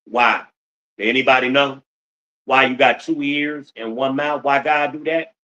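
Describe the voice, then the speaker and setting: A man's voice: medium pitch, steady tone, a little slow, bright, forceful tone, muffled recording. A middle-aged man hosting a podcast in a blunt, profane ranting monologue, full of rhetorical questions to his listeners. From United States. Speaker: podcast host.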